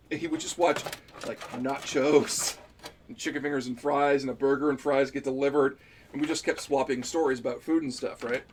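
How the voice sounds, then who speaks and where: A man's voice: a little high, slight background noise. A man co-hosting a live stream, telling stories in casual chat and jumping into other people's voices. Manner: lively, fast talk, jumps into other people's voices. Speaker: stream co-host.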